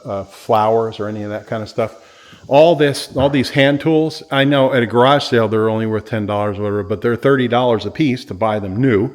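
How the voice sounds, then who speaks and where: A man's voice: fairly low pitch, a little mellow. A man giving a casual walkthrough of a workshop barn as a real estate agent, rattling off tools like an auctioneer. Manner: rambling, listing tools like an auctioneer.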